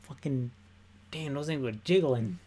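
A man streaming a video game, talking casually and excitably, repeating himself and swearing freely. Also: medium pitch, a little slow, slight background noise. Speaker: gaming streamer. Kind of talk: casual gameplay commentary.

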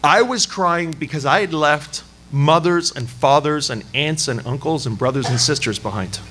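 A man from Canada preaches from the pulpit, recounting a story with a lively, self-mocking humor. His voice sits a little high and sounds bright and forceful, with frequent laughter. He speaks in a sermon style. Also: moderate pace. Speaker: pastor. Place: church service.

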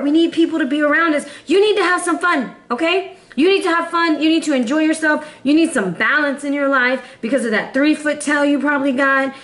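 A woman giving a casual, playful tarot reading to camera, chatty and quick to laugh. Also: sits high, echoey room. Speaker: tarot reader.

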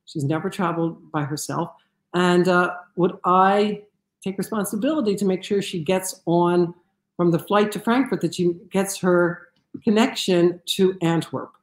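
Brief: woman speaker telling a lively personal story, slightly low voice, echoey room. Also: measured pace. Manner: animated, with many fillers and restarts. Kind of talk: storytelling talk.

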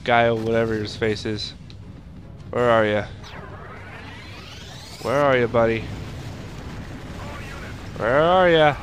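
A young man doing casual let's play commentary, tired and yawning, reacting loudly with grunts and battle cries as he fights. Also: mid-range voice, slow, pauses often, a little hiss or hum. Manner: excitable, shouts attack noises and groans at the game. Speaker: gaming YouTuber.

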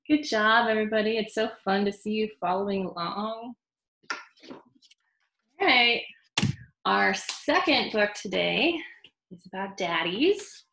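A woman leading a children's storytime with songs and baby signs, talking in a slow, sing-song, encouraging way. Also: medium pitch, lively intonation, creaky, fairly bright tone, roomy sound, poor audio.

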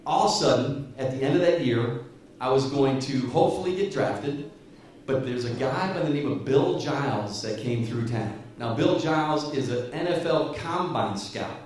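A man in his fifties tells stories from the stage, lively and chuckling as he goes. His voice rings through a large, echoey hall, picked up from a distance. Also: mid-range voice, moderate pace. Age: 50s. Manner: storytelling, animated, chuckling through anecdotes. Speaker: guest speaker. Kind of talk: motivational speech.

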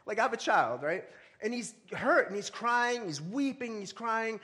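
Male pastor, high voice, casual joking sermon, reads verses, bursts into loud calls. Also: animated, normal speed. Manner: casual, joking preaching with sudden loud rises; reads scripture aloud between asides.

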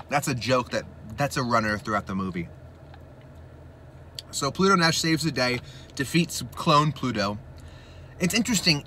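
A man's voice: a little high, a little hiss or hum. Rambling man recapping a movie, mouth burning. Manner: rambling, animated, slips into excited impressions. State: mouth burning from spicy chips. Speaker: mukbang host. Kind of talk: casual movie recap while eating.

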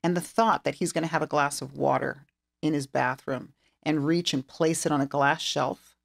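A middle-aged woman with a gravelly, fry-laden voice, telling a long story as a podcast guest. She talks animatedly and acts out what everyone said, jumping into the quoted lines. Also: sits low, steady tone, moderate pace. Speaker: interior designer guest. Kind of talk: storytelling interview chat.

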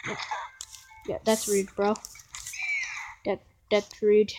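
A woman giving rambling, excitable gameplay commentary and chatting to her viewers. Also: mid-range voice, slow pace, pauses often, over music. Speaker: gaming vlogger.

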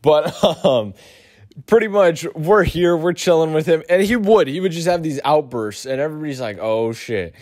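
A young man telling a profane, animated storytime for his YouTube channel. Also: normal speed. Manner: profane, animated storytelling with big pitch swings. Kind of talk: storytime vlog.

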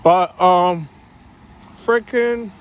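Guy with a pretty high voice going off in a walk-and-talk vlog, keeps saying guys, repeats himself a lot. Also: very slow, slight background noise. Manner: repetitive, ranting, says "guys" constantly. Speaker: vlogger. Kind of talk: walking vlog rant. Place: outdoors, walking around his neighborhood.

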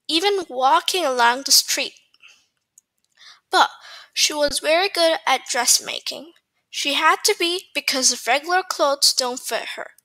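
High bright lady reading a bedtime story slow, dry close sound. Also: no room sound, low-quality recording.

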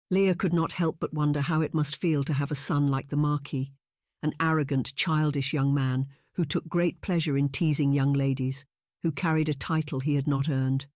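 A man narrates a romance audiobook in a measured, even reading. His voice sits fairly high for a man, and the recording is dry and close. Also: no room sound. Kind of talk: scripted narration.

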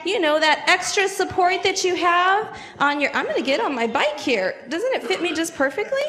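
High-voiced woman telling kids a story. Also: moderate pace. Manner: lively, animated, talks to the kids directly. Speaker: children's storyteller. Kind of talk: children's story at a church program. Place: church.

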